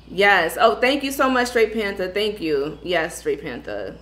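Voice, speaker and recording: A woman from Brooklyn, hosting a tarot livestream in casual chat and greeting viewers with slangy shout-outs. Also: lowish voice, big pitch swings, measured pace, hardly any pauses. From Brooklyn, New York. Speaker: tarot reader livestream host. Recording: echoey room with faint ambience.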